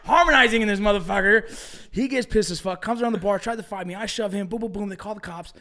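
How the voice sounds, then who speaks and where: A middle-aged man tells rowdy stories from his past in a casual, profane, animated way. He talks fast, with a slightly high voice. His talk is loose and full of slang. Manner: profane, animated storytelling with slang like bro and dog. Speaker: podcast guest. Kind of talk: casual storytelling conversation.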